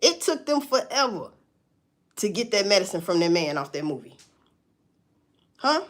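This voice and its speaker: A woman's voice: mid-range voice, big pitch swings, normal speed. A woman talking bluntly and profanely to her viewers, preaching about work and faith in casual commentary. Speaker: social media commentator. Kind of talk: casual live-stream commentary.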